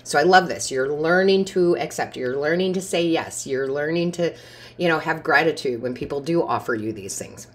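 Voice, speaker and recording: A woman's voice: low-pitched, moderate pace, a little hiss or hum. A woman giving a casual tarot reading, talking in a chatty storytelling way and laughing often. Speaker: tarot reader.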